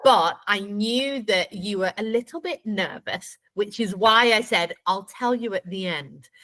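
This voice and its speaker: A woman's voice: mid-range voice, fairly bright tone, low-quality recording. Chatty British woman telling stories. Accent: British English. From Britain. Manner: chatty anecdotal storyteller, quick to laugh. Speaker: guest, life coach. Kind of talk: casual conversation.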